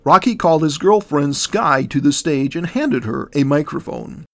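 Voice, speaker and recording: Guy narrating his dream, slightly high voice, calm steady reading. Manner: measured, descriptive storytelling. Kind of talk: reading a dream account aloud.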